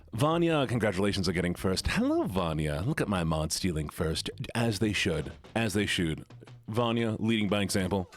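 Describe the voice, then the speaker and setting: Lively playful male streamer. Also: fairly low pitch. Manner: playful, teasing, drawn-out greetings. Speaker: livestreamer. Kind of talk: casual chat greeting viewers.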